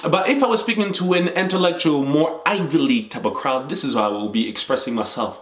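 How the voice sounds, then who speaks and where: A man's voice: mid-range voice, a little fast, echoey room. A young man from the Congo, a native French speaker, giving an earnest, motivational talk and laying out numbered points. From Democratic Republic of the Congo. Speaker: vlogger. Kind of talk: reflective personal talk to camera.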